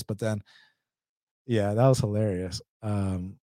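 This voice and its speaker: A man's voice: medium pitch, moderate pace, a little mellow, no room sound, studio quality. A man with an Atlanta accent hosting a casual livestream, reading viewer comments and answering bluntly with slang and laughs. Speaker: MMA betting livestream host.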